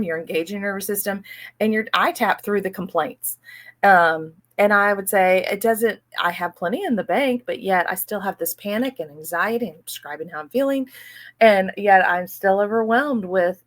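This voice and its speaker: A woman hosting her own money mindset channel, talking casually and upbeat to her viewers and slipping into soft guided breathing passages. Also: medium pitch, animated, moderate pace. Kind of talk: casual personal talk to camera.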